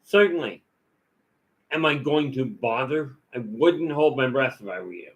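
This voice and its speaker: A man's voice: medium pitch, animated, unhurried, rough recording. A man giving a rambling, folksy talk full of stories and asides as a vlog host. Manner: folksy, storytelling, many "you know" fillers.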